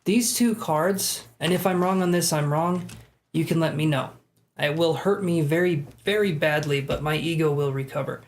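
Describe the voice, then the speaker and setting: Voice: medium pitch, normal speed. A tarot reader giving live-stream readings in a casual, chatty way, with self-deprecating asides.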